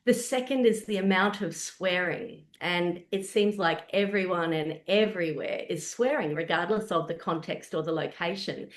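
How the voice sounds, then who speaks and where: A woman's voice: lowish voice, normal speed, few pauses, echoey room. A woman from Australia with an Australian accent, telling a personal story while presenting a webinar in a conversational way. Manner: conversational storytelling, animated asides.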